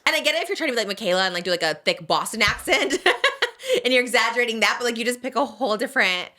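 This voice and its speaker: A woman in her thirties hosts a podcast in casual, rambling chat. Her voice is bright and quick, with a lively, swooping pitch and frequent giggles between filler words. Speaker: podcast host.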